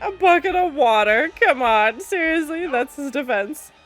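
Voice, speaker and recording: Excitable young woman reacting to a film. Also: sits high, a little slow, faint music behind. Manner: excitable, laughs often, acts out characters. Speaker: movie reaction host. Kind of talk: casual movie reaction commentary.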